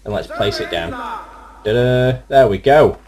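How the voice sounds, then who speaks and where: A man's voice: fairly low pitch, expressive, fairly quick, a crowd in the background. A young man casually commenting on his gameplay, rambling and hesitant with many fillers. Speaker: let's play gamer.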